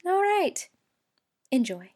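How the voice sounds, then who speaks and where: A woman's voice: very high-pitched, sing-song, takes it slowly, darkish tone. A woman hosting a podcast in casual chat, bubbly and gushing with lots of fillers, recording in a bathroom under a blanket. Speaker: podcast host. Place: bathroom, blanket over her head.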